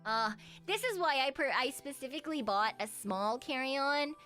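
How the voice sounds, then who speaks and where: A woman's voice: high-pitched, expressive, normal speed, pushed and bright, soft background music. A young woman streaming as a VTuber, chatting casually with her viewers, swearing freely and grumbling in a mock-dramatic way.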